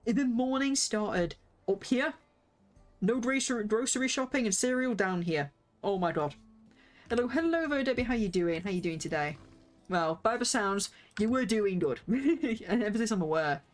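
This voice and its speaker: A young woman chatting casually on a game livestream, excitable and quick to gasp and squeal. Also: mid-range voice, faint music behind. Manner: excitable, jumps into squeals and gasps. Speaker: streamer.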